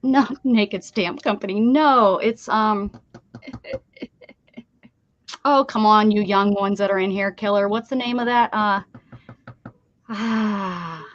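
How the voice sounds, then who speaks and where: A woman's voice: mid-range voice, takes it slowly, long pauses, no echo. A woman hosting a casual craft livestream, chatting and rambling with friends as she works, laughing often. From Pennsylvania. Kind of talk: casual chat while crafting. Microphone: desk setup with downward-pointed camera. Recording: slightly dull dry sound.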